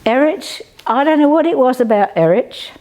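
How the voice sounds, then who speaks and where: A woman's voice: sits high, animated, normal speed, warm tone. An older woman, telling a rambling, chatty personal story in a casual spoken way. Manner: rambling, chatty, with frequent fillers.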